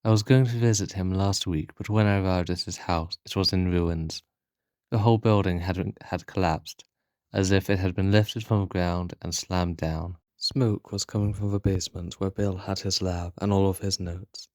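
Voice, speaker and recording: A man giving voice to a young woman agent telling of a loss in a quiet, sorrowful way. The voice stays deep and close, with a dry sound. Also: fairly even intonation, moderate pace, dry recording, lightly acted. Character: grieving young woman agent recalling a death.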